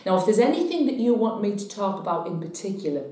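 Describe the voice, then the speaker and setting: A woman telling a personal story to camera in a chatty, animated way. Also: medium pitch, fast. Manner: chatty, animated when retelling. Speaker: psychic vlogger. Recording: very echoey room.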